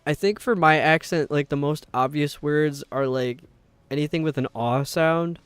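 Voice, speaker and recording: A man's voice: fairly high pitch, normal speed, clear, resonant tone, no room sound. A young man with a New York accent, chatting casually on a live stream in a rambling way, with lots of filler words. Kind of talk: casual chat while gaming.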